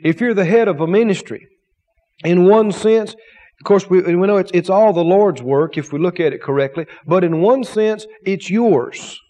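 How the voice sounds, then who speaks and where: A man's voice: sits high, normal speed, dark tone, big-room sound. A man preaching a sermon as pastor, emphatic, with repetition and rhetorical questions.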